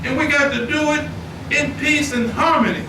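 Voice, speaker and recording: A man's voice: very high voice, moderate pace. A man preaching a fervent, repetitive sermon in a temple hall, driving his points home with rising emphasis. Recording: echoey hall, distant mic, noisy.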